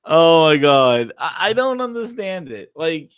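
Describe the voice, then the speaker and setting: A man's voice: fairly high pitch, a little slow, smooth, no echo, clean studio sound. A man hosting a casual gaming live stream, rambling and swearing as he answers chat. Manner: animated, profane, rambling.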